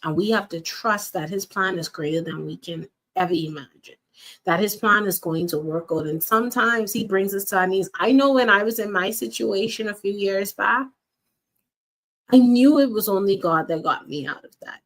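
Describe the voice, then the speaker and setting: A woman's voice: medium pitch, normal speed. A woman coach giving an earnest faith-based motivational talk, repeating key phrases and speaking straight to her listeners.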